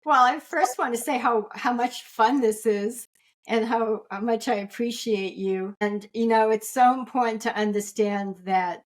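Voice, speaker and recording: A middle-aged woman shares a spiritual story in an interview, earnest and warm. She speaks at a medium pitch, circles back over her words and keeps asking "right?" to keep her listener with her. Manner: warm, repetitive, checks in with "right?". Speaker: angel reader and spiritual guest.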